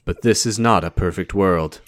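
A man reading a grim line in a slow, brooding put-on voice. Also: low voice, close to an everyday voice.

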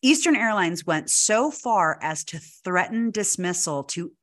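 A woman's voice: fairly low pitch, unhurried. A woman co-hosting a podcast, telling a ghost story in casual chat with lots of "like" and acted-out quotes. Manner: animated, lots of "like", acts out quotes. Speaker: podcast co-host.

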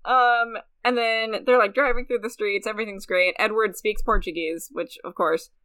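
A woman's voice: mid-range voice, steady tone, bright, forceful tone, smooth. A woman co-hosting a podcast, recapping a movie and acting out characters' lines between laughs. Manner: laughing, acts out lines in quick impressions. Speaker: podcast co-host. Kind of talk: casual movie recap chat.

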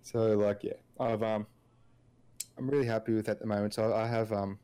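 A man's voice: lowish voice, little pitch movement, normal speed, dark tone, clear, resonant tone, no room sound. A man co-hosting a casual podcast, rambling through his points with lots of filler words and restarts. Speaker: podcast co-host. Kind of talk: casual chat.

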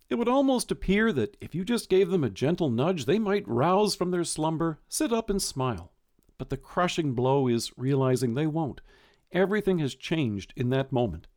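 Pastor guy doing a gentle devotional, kinda high voice, reflective. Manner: gentle, reflective preaching with prayer. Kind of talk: devotional sermon.

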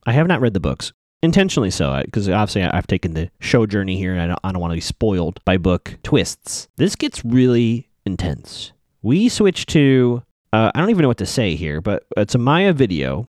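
A man's voice: fairly low pitch, wildly swooping pitch, normal speed, darkish tone, dry recording, studio quality. A man casually recapping a TV episode, chatting to viewers he calls folks.

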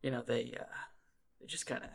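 A man's voice: mid-range voice, steady tone, a little fast, gravelly. A man co-hosting a podcast in casual chat, rambling and laughing with lots of restarts. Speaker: podcast co-host.

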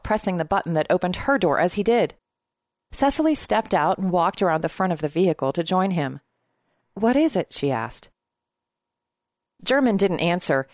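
A woman narrating a novel in a steady, measured storytelling manner. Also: medium pitch, no room sound, studio quality. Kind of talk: audiobook narration.

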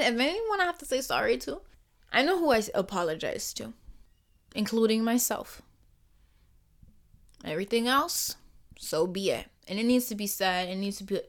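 A woman's voice: medium pitch, fairly bright tone. A woman from the Caribbean hosting a podcast, speaking in an emphatic, passionate solo monologue and laughing often. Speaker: podcast host.

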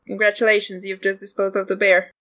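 A woman's voice: medium pitch, fast talker. Brief: woman game master, casual tabletop narration. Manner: casual, relaxed.

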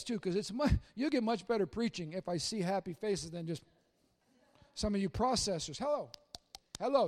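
A middle-aged male pastor with a high-pitched voice delivers a joking, story-driven sermon in a church. He swings between loud, excited bursts and quiet, hushed asides. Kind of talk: humorous sermon. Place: church sanctuary.

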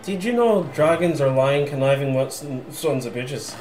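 A man's voice: mid-range voice, animated, normal speed, a little mellow, slight background noise. A young man playing a tabletop game, trading crude joking banter. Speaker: player. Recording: echoey room with background music.

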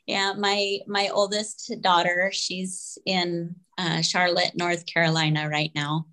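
Woman, podcast guest, slow and unhurried, hesitant with soft laughs. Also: fairly low pitch, fairly even intonation, low-quality recording. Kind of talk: casual interview chat.

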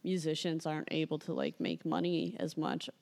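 A woman's voice: low-pitched, fairly even intonation, moderate pace, gravelly, darkish tone. A young adult woman hosting a casual podcast chat, talking chattily with lots of "like". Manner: chatty, filler-heavy with frequent "like". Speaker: podcast host.

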